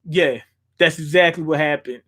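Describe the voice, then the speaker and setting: A man's voice: a little high, moderate pace, fairly bright tone. A young man streaming from a small room at home, talking casually and profanely, thinking aloud with lots of fillers. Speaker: streamer reacting to a manga chapter. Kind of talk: casual live-stream chat.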